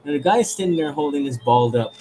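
A man speaking as a therapist guest, explaining ideas and telling animated stories in conversation. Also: fairly high pitch, fast talker, a little hiss or hum, poor audio. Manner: animated storyteller. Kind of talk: conversational storytelling.

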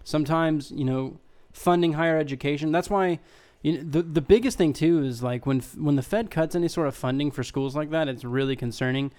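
A man co-hosting a podcast, talking in a rambling, halting way with a sarcastic edge. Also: fairly high pitch, a little mellow. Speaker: podcast co-host. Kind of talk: casual chat.

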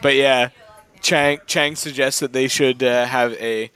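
A man's voice: medium pitch, steady tone, unhurried, a bit bright, smooth. A man co-hosting a podcast, telling a rambling story in casual banter with stumbling restarts. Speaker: podcast co-host. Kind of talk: casual banter between friends.

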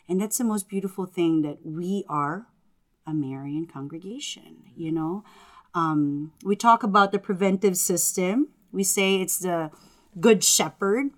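A woman who is a Catholic religious sister and teacher, telling her story in an interview in an animated, earnest way. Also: lowish voice, measured pace. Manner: animated, earnest, acts out family members' lines.

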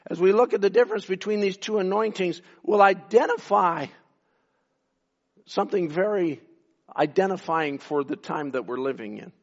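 A high-pitched man from Canada preaches a sermon, pressing his points with rising force and slipping into low, quiet asides. The recording is dull and lo-fi. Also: moderate pace. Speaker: pastor.

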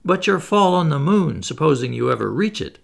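Stubborn heckler, pushy and doubting, read by a man, gravelly and lively, pitched a touch higher. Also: fairly quick, heavily acted. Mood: insistent. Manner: challenging, insistent questions. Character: hostile skeptical male heckler, stubborn.

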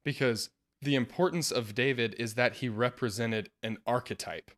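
A man hosting a casual podcast discussion about faith, earnest, laughing often and getting animated when quoting others. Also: medium pitch, normal speed. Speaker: podcast host.

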